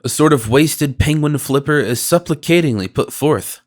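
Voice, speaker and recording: A man narrating a classic novel as an audiobook in a measured, expressive reading voice. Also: fairly high pitch.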